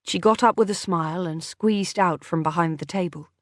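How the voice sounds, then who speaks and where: A woman narrating a first-person mystery audiobook in an even, measured way. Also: on the low side, dry recording, clean studio sound.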